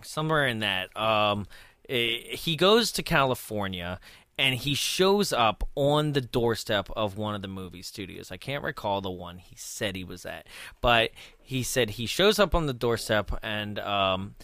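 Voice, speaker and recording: A man hosting a film commentary chat, telling a story in a lively way, acting out quotes and laughing often. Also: fairly low pitch, unhurried, no room sound. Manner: animated, acts out quoted voices, laughs often. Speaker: film commentary podcast host.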